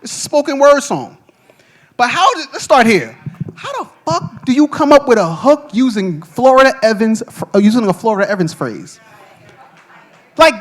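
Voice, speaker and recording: A middle-aged man hosting a podcast, telling stories to a live audience with quick restarts, frequent laughs and a habit of asking "right?". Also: very high voice, fairly bright tone. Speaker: podcast host. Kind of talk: animated storytelling to a live audience.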